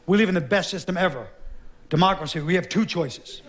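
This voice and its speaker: Sardonic middle-aged man doing stand-up. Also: sits high. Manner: sardonic, blunt, gruff delivery with quick asides. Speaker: stand-up comedian. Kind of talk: stand-up comedy monologue. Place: theater stage with a live audience. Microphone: stage microphone.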